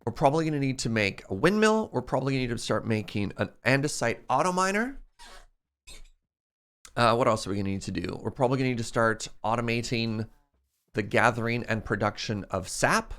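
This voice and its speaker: A young adult man chatting loosely as he plays, thinking out loud and musing over what to build next. His pitch sits in the middle but swings up and down a lot. He wanders from one idea to the next in casual stream commentary. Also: lively intonation, a little fast. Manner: thinking aloud, rambling and musing. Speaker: streamer playing a modded block game.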